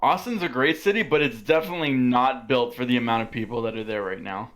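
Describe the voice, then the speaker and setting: A man's voice: mid-range voice, quick pace, fairly bright tone. A man who is a guest on a casual live stream, talking in a playful, teasing way. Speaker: guest co-host.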